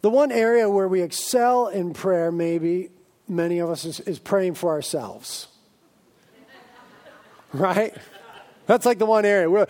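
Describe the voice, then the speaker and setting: A man preaching a sermon as a pastor, lively and humorous, acting out exaggerated voices of his listeners. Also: high-pitched, a little slow, long pauses. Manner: animated, acts out comic voices of his congregation.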